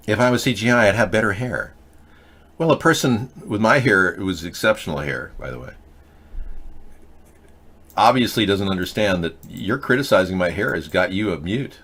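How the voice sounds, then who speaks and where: Male live-chat host; low, forceful voice; talks down to the audience and argues with them. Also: expressive, moderate pace, breathy edge. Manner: blunt, lecturing, argumentative. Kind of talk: live video chat commentary, answering viewer comments.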